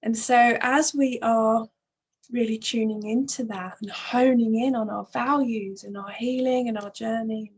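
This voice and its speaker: Woman doing a gentle astrology talk, kinda husky, slightly high voice, lots of "you know". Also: fairly even intonation, unhurried, rough recording. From Northern Hemisphere. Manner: soft, flowing, with frequent "you know" and laughs. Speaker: astrology channel host. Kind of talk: spiritual monologue to camera.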